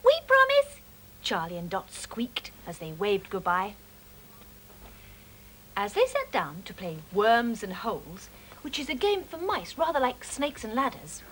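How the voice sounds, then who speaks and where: Slow expressive woman reading a story. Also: medium pitch, a little hiss or hum, low-quality recording. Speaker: children's TV presenter.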